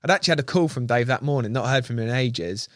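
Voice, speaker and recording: A young English man tells a fishing story in casual podcast chat, excitable and quick to swear. He acts out quotes loudly. The room sounds dry, with no echo. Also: mid-range voice. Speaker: guest angler.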